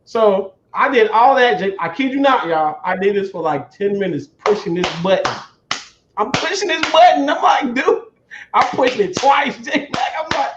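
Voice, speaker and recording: A man with a strikingly high voice tells an animated, laugh-filled story on a casual livestream. The audio is dull and lo-fi, with a faint hiss of noise behind him. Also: normal speed. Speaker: host.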